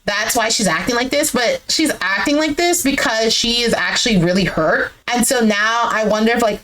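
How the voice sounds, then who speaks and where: A woman's voice: on the high side, a bit bright, poor audio. A woman giving a casual, chatty recap of a show, full of "like" fillers and incredulous asides. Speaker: YouTuber recapping a dating show.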